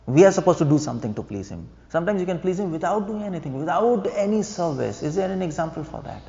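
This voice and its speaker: A man's voice: a little high, animated, quick pace, gravelly, warm tone. A man giving a devotional lecture, explaining points and asking the audience rhetorical questions. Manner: explanatory, asks the audience rhetorical questions, chuckles at own jokes. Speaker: preacher. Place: temple hall. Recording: echoey hall, dull lo-fi sound.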